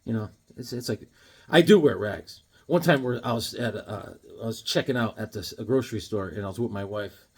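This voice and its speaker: A man chatting casually on his vlog as he shows off new comics, rambling and excitable, throwing in corny jokes. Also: on the low side, a little fast, slightly rough. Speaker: comic book collector showing new comics.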